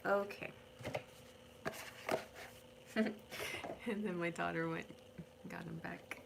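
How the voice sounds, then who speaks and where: A woman's voice: fairly low pitch, fairly even intonation, slow pace, gravelly, very noisy. A middle-aged woman giving a chatty, rambling tarot reading on a live stream from home. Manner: chatty, rambling, sings names, talks to her cat. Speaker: tarot reader.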